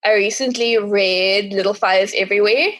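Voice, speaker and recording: A young woman talking casually as a podcast guest, chatty and quick to laugh, acting out her own thoughts. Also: mid-range voice, fairly even intonation, fairly bright tone. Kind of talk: casual chat.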